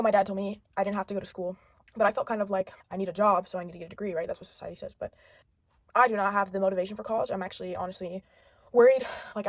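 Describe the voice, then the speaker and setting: Fast-talking teenage girl vlogging. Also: medium pitch, noisy background. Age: late teens. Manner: rambling, filler-heavy, candid and unsure. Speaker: high school senior vlogger. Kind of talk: personal video diary.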